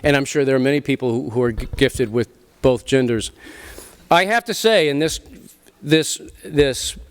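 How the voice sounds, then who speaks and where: A middle-aged man, speaking to a literary festival audience in an animated, emphatic way, often restarting his sentences and swearing casually. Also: mid-range voice, moderate pace, clear, resonant tone. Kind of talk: animated talk and Q&A. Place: festival venue before an audience.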